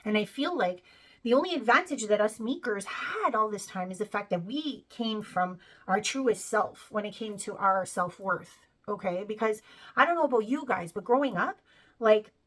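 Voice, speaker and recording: A spiritual video creator with a medium, slightly bright voice delivers a casual monologue to camera, laughing as she tells a story. She's chatty and conversational, frequently checking in with "you know" and "right?".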